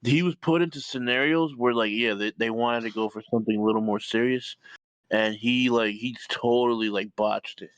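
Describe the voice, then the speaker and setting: A man's voice: medium pitch, dry recording, rough recording. Young guy, rambly casual banter, dry close sound. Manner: rambling, fillers, says "bro" a lot. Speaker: co-host reacting to reviews.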